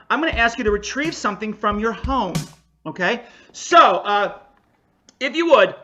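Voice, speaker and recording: Playful improv ref, bright forceful voice, video-call sound from home. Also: mid-range voice, dull audio. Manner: jokey, energetic, playful asides. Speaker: referee and host of an improv show. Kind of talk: lively comedic hosting. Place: home, virtual show. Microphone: home video call mic.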